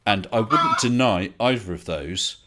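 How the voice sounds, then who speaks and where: Man hosting a relaxed debate stream. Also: fairly low pitch, heavy background noise. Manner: polite, laughs easily, halting restarts. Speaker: livestream host. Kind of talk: casual debate chat.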